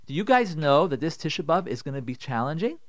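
A man's voice: fairly high pitch, sing-song, fast talker, no echo, studio quality. A middle-aged man, a rabbi hosting a radio show, giving emphatic, repetitive advice and acting out the complaints he quotes. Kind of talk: animated radio advice talk.

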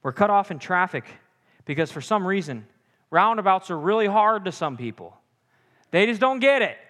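A young man preaching a sermon with animated, joking asides. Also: high-pitched, normal speed. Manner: animated, jokey asides and acted-out quotes. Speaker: pastor. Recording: long hall reverb.

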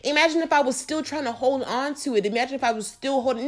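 A woman's voice: high voice, quick pace, few pauses. A young woman hosting a podcast, talking earnestly and emotionally about faith straight to her listeners. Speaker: podcast host. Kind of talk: heartfelt faith talk.

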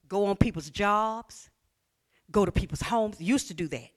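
A woman preaching a sermon, swinging between loud emphatic lines and near-whispers. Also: mid-range voice, animated, moderate pace, long pauses.

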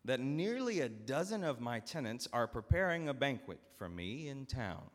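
A man voicing a powerful, shrewd master who speaks slowly and deliberately, in a long church reverb. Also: mid-range voice, very animated, voice pushed up, lightly acted. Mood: measured. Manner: slow, measured, deliberate. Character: shrewd, powerful male master, calm and wry.

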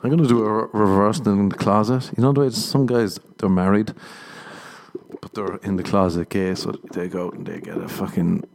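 Low-voiced Irish man, sardonic. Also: fairly even intonation, a little fast, vocal fry, darkish tone. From Ireland. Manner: sardonic, self-mocking, laughs often. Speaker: podcast host. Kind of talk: comedic monologue.

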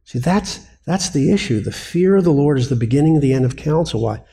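A man preaching a sermon on biblical counseling, lively, who keeps asking rhetorical questions and answering them himself. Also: a little high, brisk, gravelly.

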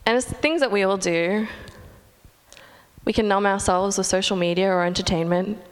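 A young woman preaching a sermon in an earnest, measured way, with reflective pauses. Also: lowish voice, big-room sound.

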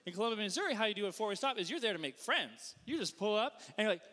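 A man from the Northeastern US preaching a sermon as a pastor, telling stories with animated, self-deprecating humor in a church sanctuary. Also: high-pitched, brisk, long reverb tail. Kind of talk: storytelling sermon.

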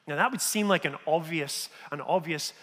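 A man preaches a lively, conversational sermon, firing rhetorical questions at his listeners. His voice sits high and sounds bright and forceful. A long reverb trails behind each line, as in a large hall. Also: normal speed. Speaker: pastor.

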